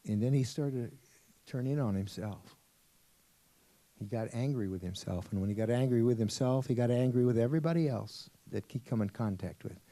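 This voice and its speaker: A priest giving a storytelling sermon to teenagers, asking them questions along the way. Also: male voice, mid-range voice, normal speed, mellow, no echo. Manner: storytelling, asks the audience questions.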